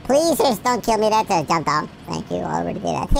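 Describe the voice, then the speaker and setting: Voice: mid-range voice, huge pitch swings, normal speed, gravelly, background noise. A gameplay commentator talking through a game in a playful way, with silly sound effects, made-up words and sudden yelps. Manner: yelps and shrieks when startled.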